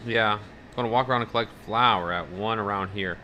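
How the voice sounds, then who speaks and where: Casting note: male streamer, lowish pitch, bright edge, rambling casual chatter with a faint hum behind. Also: fairly quick. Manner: rambling, profane, animated about fears. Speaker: livestreamer. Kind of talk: casual live-stream chat, reading out viewer messages.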